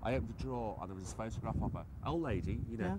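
Low-voiced bloke from near liverpool, blunt storyteller, swears a lot, noisy street and traffic behind. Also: male voice, racing. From England, near Liverpool. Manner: blunt, vivid, swears freely. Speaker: interviewee. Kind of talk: candid personal storytelling.

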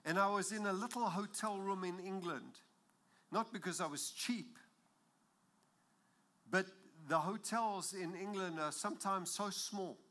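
Male preacher, high-pitched and bright, emphatic sermon delivery with loud peaks. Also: unhurried. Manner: emphatic, rises to loud exclamations.

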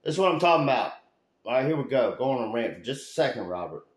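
A man from Alabama rambles through a casual work vlog, folksy and loose, now and then breaking into a loud rant. His voice sits at an ordinary middle pitch, and it rings off the bare walls of an echoey room in a house still being renovated. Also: sing-song, fast talker. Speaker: handyman vlogger. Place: house under renovation, indoors.

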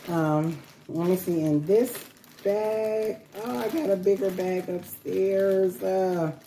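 A woman's voice: mid-range voice, steady tone, slow, dark tone. A woman vlogging at home in casual chat to camera, talking to her viewers while she cares for baby dolls. She repeats herself and laughs often. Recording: echoey room with faint background noise.

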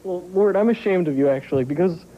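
A man's voice: high voice, expressive, quick pace, very noisy. A man in a talk show audience arguing heatedly, stammering as he makes his point. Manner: argumentative, stammering. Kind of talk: heated debate. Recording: dull old TV audio with crowd.

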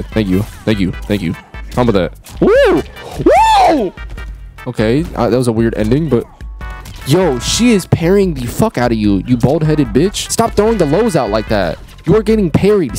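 A young man streaming a fighting game, cursing at the characters and going from low muttering to shrieks. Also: sing-song, moderate pace, a little mellow. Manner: profane, trash-talks the fighters, swings from low muttering to shrieks. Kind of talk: live gameplay commentary. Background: game music.

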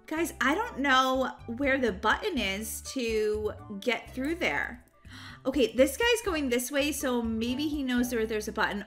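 A woman's voice: high-pitched, lively intonation, normal speed, pushed and bright, soft background music. A woman, a mother in her thirties, giving bubbly commentary on a game she plays, with squeals and sound effects. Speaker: gaming channel host. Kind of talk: excited Roblox gameplay commentary.

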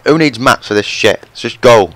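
A young man giving loud, profane let's play commentary, yelling and swearing at the game. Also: mid-range voice, expressive, moderate pace, dry recording. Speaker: gameplay commentator.

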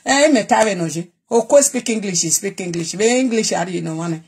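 A woman's voice: mid-range voice, animated, fairly quick, husky. Defiant Nigerian woman from Edo. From Edo State, Nigeria. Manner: switches between Pidgin and Edo dialect, challenging and defiant. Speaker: vlogger. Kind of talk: direct-to-camera live video rant.

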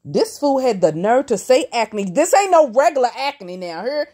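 A woman's voice: a little high, sing-song, moderate pace, dark tone, husky. Sassy woman roasting someone on camera. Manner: sassy, teasing, talks to viewers as y'all. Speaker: reaction commentator. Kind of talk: mocking reaction commentary.

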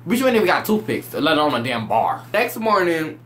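A young man giving a loud, animated, profane rant as he reviews a reality show. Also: a little high, fairly quick.

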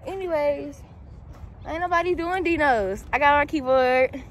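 A young woman vlogging outdoors, unboxing on camera, loud and playful and out of breath. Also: high-pitched, unhurried, poor audio. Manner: loud, playful, laughing, talks straight to viewers. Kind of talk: casual unboxing vlog. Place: outdoors in wind. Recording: outdoor phone audio with wind noise.

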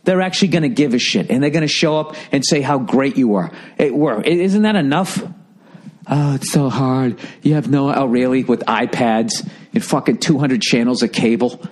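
A man's voice: medium pitch, lively intonation, brisk. A man, ranting casually and profanely as a podcast host at home. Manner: profane, exasperated, mocks others in put-on voices. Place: home room with birds chirping outside.

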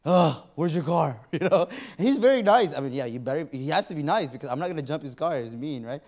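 Animated storytelling preacher, a man. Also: fairly high pitch, quick pace. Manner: animated, acts out his own inner voice. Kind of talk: storytelling sermon. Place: church auditorium.

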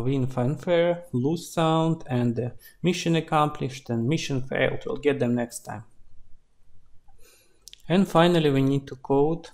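A man, an indie game developer, narrating a screen-recorded tutorial in a relaxed, explaining way. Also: mid-range voice, gravelly.

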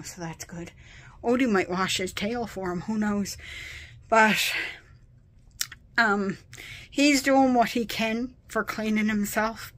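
A tired woman chatting casually at her desk at home, rambling and getting sidetracked as a vlogger. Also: mid-range voice. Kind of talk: casual chat.

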